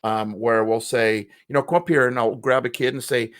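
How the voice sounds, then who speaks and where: A man's voice: mid-range voice, little pitch movement, moderate pace, a bit bright, clean tone. A man co-hosting a casual chat who speaks at school assemblies, telling motivational stories and acting out the people in them. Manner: motivational storytelling, acts out quoted people.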